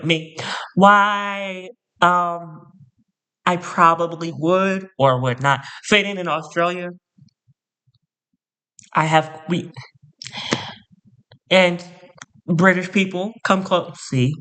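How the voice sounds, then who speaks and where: A man's voice: fairly high pitch, takes it slowly, pauses often, sharp tone, clear, resonant tone. A man from New Jersey delivering a rambling, profane comedic roast monologue, often sidetracking into mock-indignant rants. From New Jersey, USA. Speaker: comedian host.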